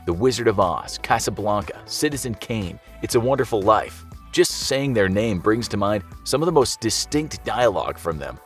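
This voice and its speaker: A man narrates a scripted explainer in a slightly low voice, chatty and fond of rhetorical questions. Soft music plays faintly beneath him. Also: big pitch swings, normal speed, few pauses. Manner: conversational, asks rhetorical questions. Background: soft background music.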